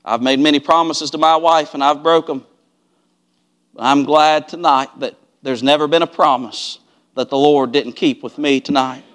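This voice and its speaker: A man's voice: on the high side, fairly even intonation, normal speed, a bit bright. A middle-aged man preaching a revival-style sermon, rising into fervent, repeating cadences.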